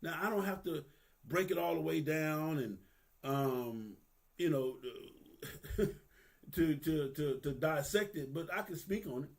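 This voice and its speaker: Slightly high and gravelly, this man's voice has lively intonation and an unhurried pace. He's a vlogger in his 50s giving a candid, earnest, profane monologue in casual street talk, repeating phrases for emphasis.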